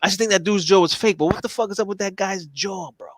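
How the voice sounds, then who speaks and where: A man in casual chat, profane and excitable, repeating himself, his voice jumping up when he gets worked up. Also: high voice, quick pace, dry recording.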